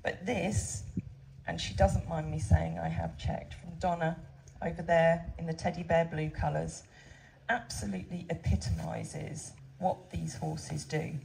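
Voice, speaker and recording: A woman's voice: low voice, creaky, darkish tone, a little hiss or hum, low-quality recording. A middle-aged woman running a horse sanctuary, talking heartfelt and informally to visitors outdoors at a farm. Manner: heartfelt, conversational, many "you know" fillers. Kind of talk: informal talk to visiting crowd.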